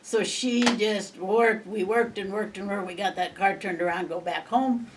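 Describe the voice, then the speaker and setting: A woman's voice: mid-range voice, fairly even intonation, moderate pace. An older woman from Montana, an interviewee telling oral history stories in a rambling, chuckling way. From Montana, USA. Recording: distant mic, faint background noise.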